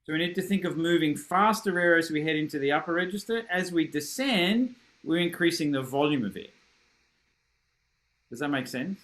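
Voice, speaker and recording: A middle-aged man leads a horn masterclass over a video call, his voice pitched high for a man. He praises readily, jokes about himself and demonstrates with short sung syllables. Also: expressive, moderate pace, fairly bright tone. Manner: encouraging, self-deprecating, demonstrates with sung syllables. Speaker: horn teacher giving a masterclass.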